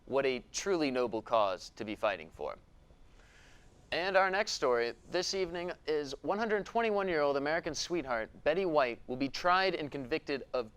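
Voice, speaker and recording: A deadpan news anchor, played by a man, reads out absurd headlines in a mock newscast. His voice is smooth and resonant, pitched in the middle range. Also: lightly acted.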